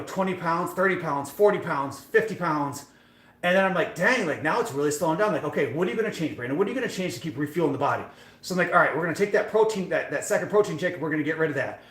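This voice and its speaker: Fast-talking man in an echoey room. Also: fairly high pitch, fairly bright tone. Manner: rambling, self-deprecating storytelling with many fillers. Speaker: fitness streamer. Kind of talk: casual live-stream chat.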